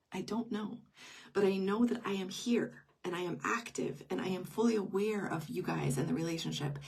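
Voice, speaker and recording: A woman's voice: medium pitch, moderate pace, gravelly, darkish tone, recorded from a distance, slight background noise. A middle-aged woman telling a personal story in an unscripted live stream, intimate and emotional, often dropping to a whisper. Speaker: grief teacher.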